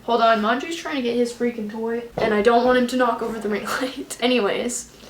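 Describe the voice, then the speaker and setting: A woman's voice: a little high, a little fast, a little hiss or hum. A young woman chatting casually to camera in a vlog, a bit out of breath, rambling with lots of fillers. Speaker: vlogger. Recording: echoey room.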